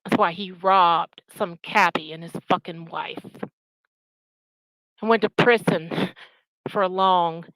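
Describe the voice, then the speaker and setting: A woman delivers a scornful, profanity-laced rant straight to her viewers. Her tone is bright and tense, and she takes her time as she hammers each point home. The sound is dry and close. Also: fairly low pitch, steady tone, takes it slowly, long pauses, dry recording, rough recording. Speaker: channel host. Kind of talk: angry ranting commentary.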